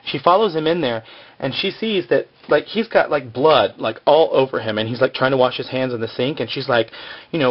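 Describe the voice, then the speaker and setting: A man's voice: fairly high pitch, moderate pace, dull audio. A man casually recapping a TV episode, rambling with lots of fillers like "like" and "you know.".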